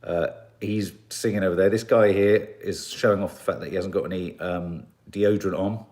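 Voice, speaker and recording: A man's voice: low-pitched, fairly even intonation, moderate pace, darkish tone. A man hosting a casual live stream, chatting in a rambling way and reading out viewer comments. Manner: chatty and rambling, with frequent restarts and asides.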